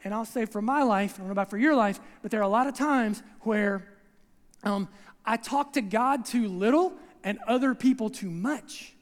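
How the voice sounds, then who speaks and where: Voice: medium pitch, moderate pace. Conversational preacher in a reverberant sanctuary. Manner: conversational, acts out scenes, repeats "right?". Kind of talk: sermon. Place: church sanctuary.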